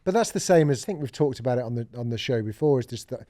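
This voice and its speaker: A man co-hosting a podcast in casual, sweary chat with quick restarts. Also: mid-range voice, expressive, mellow. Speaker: podcast co-host.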